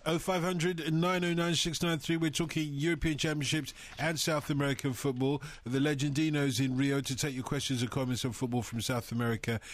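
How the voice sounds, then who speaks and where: A man hosting a live radio football phone-in, brisk and jokey, reading out texts and the phone number. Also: fairly high pitch, flat delivery. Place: radio studio. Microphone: studio microphone.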